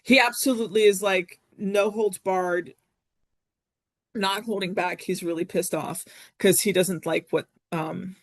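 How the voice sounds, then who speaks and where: A woman teaching a Latin poetry lesson in a chatty, casual way, often pausing with fillers and correcting herself as she works through the text. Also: mid-range voice, fairly even intonation, dry recording. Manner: chatty, self-correcting, frequent ums. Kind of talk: recorded classroom lesson.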